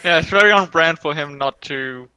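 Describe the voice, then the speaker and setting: A man's voice: on the high side, moderate pace, pushed and bright, clear, resonant tone, no room sound, rough recording. A man playing a tabletop game, joking about his character's doom. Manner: joking, self-mocking. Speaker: player. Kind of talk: casual game banter.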